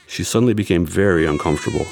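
An actor playing a young amateur detective who narrates his own story in an audio drama, telling it in a measured, tense way. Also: sits low, gravelly, darkish tone, slight background noise. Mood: tense narration.

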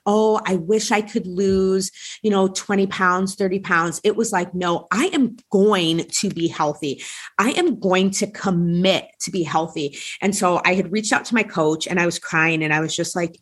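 A woman's voice: mid-range voice, a bit bright, breathy edge. A woman hosting a podcast, telling a personal story in a candid, conversational way with many casual fillers. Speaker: podcast host.

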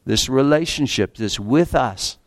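A man preaching a sermon in an earnest way, slowing down to read scripture aloud and stumbling over the odd restart. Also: mid-range voice, lively intonation, dry recording, studio quality.

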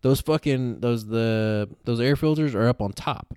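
A man's voice: medium pitch, unhurried, smooth, no echo, clean studio sound. A man, co-hosting a podcast and telling a story in casual chat, swearing a lot and filling his sentences with "like". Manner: animated storytelling, heavy swearing, frequent fillers. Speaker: podcast co-host.

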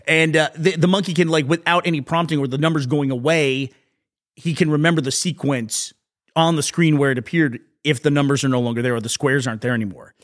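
A man's voice: a little high, fairly even intonation, a little fast. A man co-hosting a casual podcast, joking, laughing often and swearing casually. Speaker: podcast co-host. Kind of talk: casual chat.

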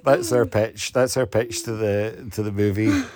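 A middle-aged man, a father co-hosting a casual family podcast, joking in a deadpan way and hesitating with many ums. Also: fairly low pitch, normal speed. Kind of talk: casual chat. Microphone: podcast microphone at a mixer desk.

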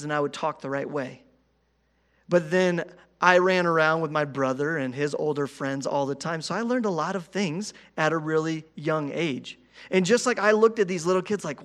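Youngish pastor guy preaching, kinda high voice, talks loose and chatty, lots of "right?". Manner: conversational, repeats words, asks "right?". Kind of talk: sermon.

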